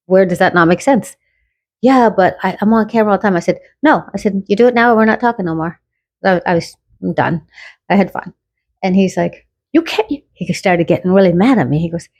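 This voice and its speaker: A middle-aged woman telling a personal story in a casual, animated way and acting out the quoted dialogue. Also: mid-range voice.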